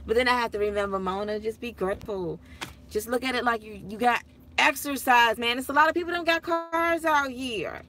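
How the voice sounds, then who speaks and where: A woman vlogging from inside her car, telling stories to her viewers in a chatty, animated way and laughing often. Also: fairly high pitch, a little fast. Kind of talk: casual chat while driving.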